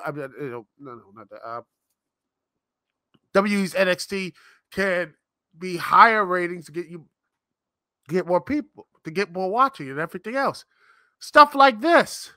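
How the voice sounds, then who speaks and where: A man's voice: fairly high pitch, sharp tone, clear, resonant tone, dry recording, studio quality. A man hosting a live-stream show, ranting in an exasperated, rambling, sarcastic way. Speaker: podcast host. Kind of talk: live-stream commentary rant.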